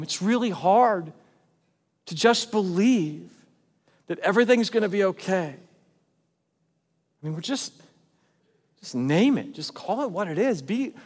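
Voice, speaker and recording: A man with a somewhat high voice delivers a sermon as pastor, moving between easy conversational asides and loud, insistent emphasis. The sound is caught in a church with a long, lingering reverb. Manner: conversational, emphatic preaching with big swings in loudness.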